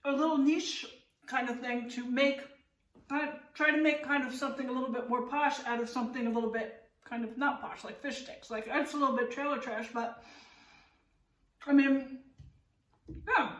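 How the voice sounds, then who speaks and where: Woman home cook, casual vlog chatter, candid and rambling; high voice, recorded at a distance in an echoey kitchen. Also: steady tone, moderate pace, pauses often. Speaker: home cooking vlogger. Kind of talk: casual cooking vlog chat. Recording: roomy kitchen, voice off-mic.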